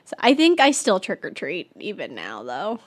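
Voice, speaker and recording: A woman's voice: on the low side, wildly swooping pitch, normal speed, no room sound. A teenage girl from California hosting a casual solo chat show, bubbly and rambling with lots of giggles and "like". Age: teens. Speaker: host.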